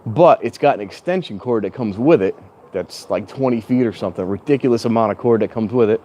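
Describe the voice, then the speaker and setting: Brisk and mellow, this man's voice sits on the lower side. He does a casual, wandering vlog chat outdoors at a train station in strong wind, catching and fixing his own words and occasionally speaking up, with a clip-on mic fed into the phone in his hand.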